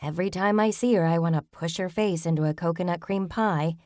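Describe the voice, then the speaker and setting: A woman reads as a blunt, scornful friend who speaks her mind without filter. It is a close, dry reading in a low voice. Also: fairly quick, darkish tone, no echo, lightly acted.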